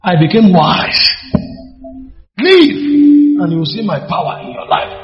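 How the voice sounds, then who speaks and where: A man's voice: high voice, very animated, measured pace, faint music behind. Male preacher, emphatic, repetitive rhetorical style; dull, roomy hall recording. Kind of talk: sermon. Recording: echoey hall, dull sound.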